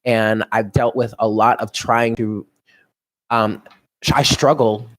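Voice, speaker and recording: A man's voice: lowish voice, level tone, slow, fairly bright tone. Chatty, musing man doing a tarot reading. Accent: New York. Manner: musing, chatty, often laughing to himself. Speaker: tarot reader.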